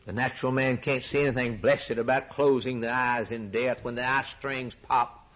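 A male preacher delivering a sermon with rhetorical repetition, rising to soaring emphatic peaks and dropping to hushed low lines. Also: steady tone, normal speed, rough recording.

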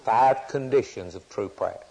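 A man preaching a sermon with passion, his voice rising to sudden loud peaks. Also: lowish voice, a little slow, gravelly, breathy edge, poor audio.

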